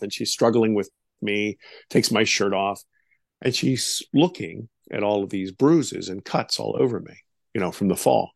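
Middle-aged male guest, gravelly storyteller, animated, with plenty of "you know"s. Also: fairly low pitch, unhurried, dry recording, studio quality. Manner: animated, acts out quoted voices, many fillers. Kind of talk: interview storytelling.

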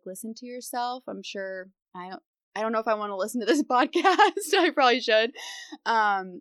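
Young female podcast guest, casual and chatty, creaky sentence endings, dry close mic. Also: medium pitch, a bit bright, dry recording. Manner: casual, laughs often, vocal fry at sentence ends. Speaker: guest voice expert. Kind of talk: podcast interview.

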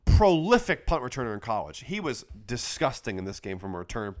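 A man's voice: medium pitch, a little fast. Man chatting casually about football. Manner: relaxed, conversational, often laughing. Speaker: podcast co-host. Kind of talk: casual sports chat.

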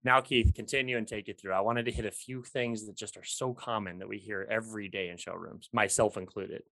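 A man's voice: on the low side, fairly even intonation, brisk, creaky, fairly bright tone, a little hiss or hum. A man hosting a call with a guest, prompting him eagerly. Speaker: host.

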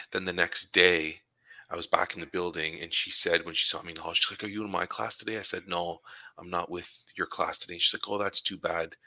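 A man's voice: sits low, bright, forceful tone, no echo, low-quality recording. A man who works as a supply teacher, chatting casually and acting out conversations with his students as he tells stories. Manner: storytelling, acts out dialogue with students.

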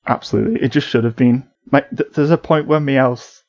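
A man's voice: medium pitch, brisk, darkish tone, highs cut off. A man co-hosting a casual podcast, joking about a drinking game. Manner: jokey, calls drinking-game penalties. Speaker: podcast co-host. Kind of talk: casual chat.

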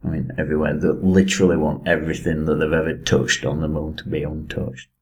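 A man's voice: rumbling low, flat delivery, fast talker, a little mellow. A man in casual chat, explaining space topics with many fillers.

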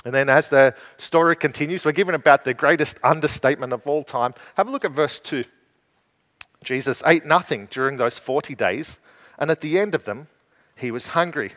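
A man's voice: on the high side, a little fast, fairly bright tone. Man preaching in an echoing hall. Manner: conversational, asks rhetorical questions. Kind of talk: sermon. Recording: long reverb from a hall.

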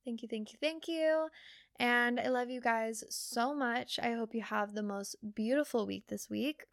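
A woman's voice: a little high, unhurried, creaky, no room sound, studio quality. A young woman hosting her own podcast, talking casually and earnestly with lots of "like" fillers and the odd swear. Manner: chatty, earnest, filler-heavy with frequent "like" and swearing. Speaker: podcast host. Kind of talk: casual solo podcast talk.

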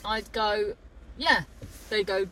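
A woman talks to the camera in loose, casual chat. She rambles, swears freely and drops thoughts halfway to start new ones. Her voice sits at an ordinary pitch for a woman. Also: steady tone, takes it slowly, pushed and bright, slight background noise, low-quality recording. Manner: rambling, chatty and sweary, trailing off mid-sentence. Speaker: vlogger.

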